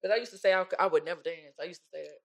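A woman's voice: lowish voice, racing. A young woman chatting casually as a podcast co-host, telling stories in a laid-back, slangy way. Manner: laid-back slangy storytelling, mimics relatives. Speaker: podcast co-host, pole dancer. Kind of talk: casual chat.

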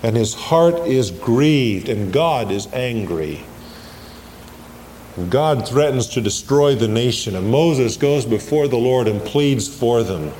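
Slow, emphatic preacher in an echoing hall. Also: male voice, mid-range voice, expressive, darkish tone. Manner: emphatic, slows down and swells on scripture quotes, asks the congregation questions. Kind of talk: sermon. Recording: long hall reverb with faint ambient noise, 1980s church recording.

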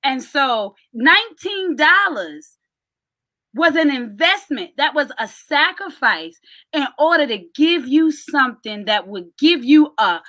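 A woman's voice: high-pitched, sing-song, takes it slowly, bright, forceful tone, dry recording. A woman co-hosting a podcast, giving earnest advice in a casual conversation. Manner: earnest, lecturing.

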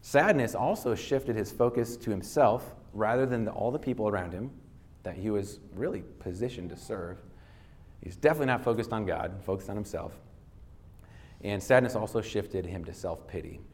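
A man's voice: fairly low pitch, normal speed. A male pastor giving a sermon, retelling a scripture story in casual everyday words and reading verses aloud.

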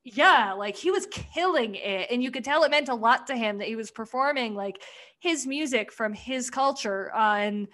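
A woman's voice: fairly high pitch, animated, moderate pace, a bit bright. A woman in casual podcast chat, rambling through a sketch recap, swearing freely and acting out quoted lines. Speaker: podcast co-host.

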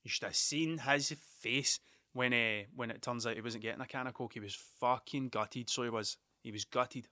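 Forceful, sweary Scottish man in his thirties. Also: mid-range voice, steady tone, normal speed, dry recording, studio quality. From Scotland. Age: 30s. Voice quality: sweary, digressive, self-interrupting. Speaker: vlogger. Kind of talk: rambling casual storytelling.

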